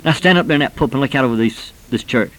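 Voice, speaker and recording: A man's voice: very fast, fairly bright tone, low-quality recording. Man, middle-aged, preacher, impassioned sermon, mid-range voice. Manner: fervent, with impassioned rising pitch.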